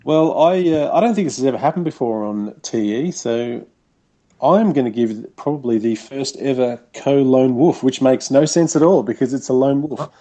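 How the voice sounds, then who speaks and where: A man's voice: medium pitch, moderate pace, warm tone. An Australian man co-hosting a casual sports chat, easygoing and chuckling, with hesitant fillers. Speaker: podcast co-host. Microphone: call recording.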